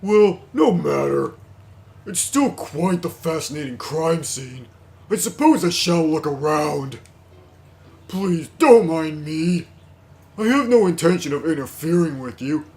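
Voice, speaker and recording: A man voicing a creepy, calm male bird doctor who drawls slowly and sinisterly. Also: a little high, creaky.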